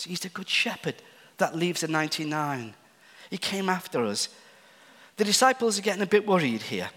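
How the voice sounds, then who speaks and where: A man preaching a sermon earnestly, moving between emphatic points and hushed, tender appeals, in a church hall. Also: on the high side. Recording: long reverb of a large hall.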